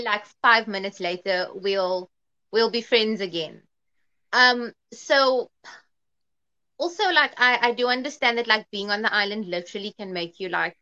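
Bright-voiced woman on a dull call line. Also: medium pitch. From South Africa. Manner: easygoing, lots of "like" fillers. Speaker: guest, former contestant. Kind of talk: casual podcast chat.

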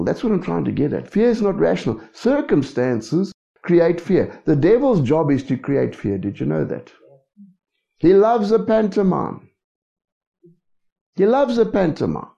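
A man's voice: on the high side, gravelly, mellow. A man preaching a sermon, who keeps checking in with his congregation. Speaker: pastor. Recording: dull lo-fi recording.

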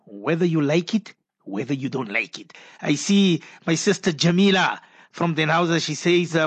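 A man's voice: on the high side, animated, normal speed, husky. A man hosting a religious radio call-in show, reading out listener messages with pious, affectionate blessings.

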